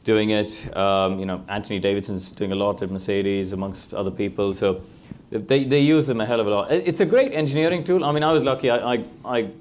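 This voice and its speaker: A middle-aged man with a lowish voice tells racing stories on a live panel. He is animated and breaks into laughter often, with a faint hum of room noise behind him. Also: fairly quick, few pauses. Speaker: former racing driver speaking on a panel. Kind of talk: live panel talk, anecdotal.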